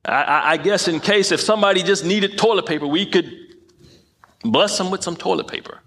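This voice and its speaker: A man's voice: high voice, brisk, a bit bright, slightly rough. A man preaching a sermon in an emphatic way, often repeating phrases and tripping over his words. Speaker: pastor.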